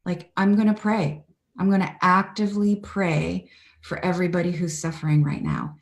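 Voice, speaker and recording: A woman's voice: lowish voice, expressive, moderate pace, roomy sound. A Canadian woman speaking earnestly and reflectively as an interview guest over a video call.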